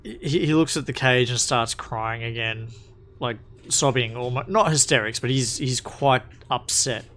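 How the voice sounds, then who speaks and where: A man narrates a tabletop game as game master, stumbling over his words as he goes. His pitch sits in a middle range. He sounds relaxed and chatty. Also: measured pace. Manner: casual, many restarts and fillers.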